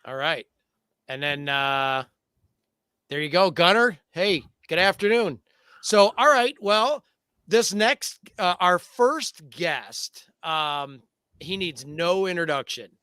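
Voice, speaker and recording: A man co-hosting a talk show, introducing a guest in a hesitant, halting way. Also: a little high, bright, forceful tone, smooth, dry recording, studio quality. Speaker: co-host. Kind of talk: casual talk show chat.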